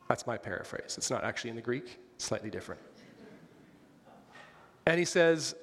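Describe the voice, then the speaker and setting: A man's voice: mid-range voice, expressive, normal speed, long pauses, fairly bright tone. Man preaching in a reverberant hall. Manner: conversational, questioning the congregation, with light humor. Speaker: pastor. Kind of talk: sermon.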